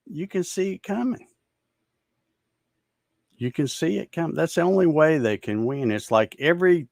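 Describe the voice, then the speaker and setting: A man's voice: mid-range voice, dry recording, studio quality. A man hosting a casual livestream, ranting in a fed-up, sarcastic way and laughing at viewer comments. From Georgia, USA. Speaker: show host reading viewer comments.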